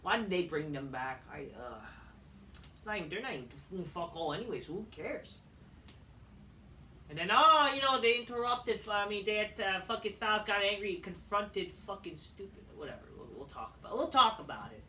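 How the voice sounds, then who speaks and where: A woman's voice: mid-range voice, expressive, brisk, pushed and bright, slight background noise. A woman reviewing a wrestling show in a casual, rambling rant, swearing often and brushing things off with dismissive asides. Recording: echoey room, voice far from mic.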